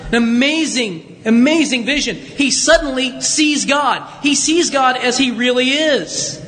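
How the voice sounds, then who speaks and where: Brief: male pastor, very high voice, chatty self-deprecating sermon, long church reverb. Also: unhurried, fairly bright tone. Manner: conversational, self-deprecating, with many restarts. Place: church sanctuary.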